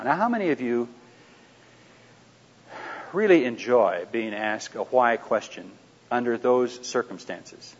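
A man teaching a live audience in a conversational way, asking them questions and dropping into quiet asides. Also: medium pitch, expressive, slow pace, pauses often, husky. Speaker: seminar speaker. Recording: dull lo-fi recording.

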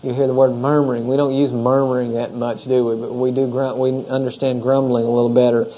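Mellow-voiced man preaching a conversational sermon. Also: medium pitch, level tone, fairly quick. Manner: conversational, asks the congregation questions. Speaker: pastor. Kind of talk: expository sermon. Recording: dull lo-fi sermon recording.

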